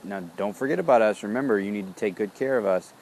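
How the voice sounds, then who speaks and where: A man voicing his body's fatigue as an easygoing character that gently reminds him to take care of himself. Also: lowish voice, fast talker, a little hiss or hum, close to an everyday voice.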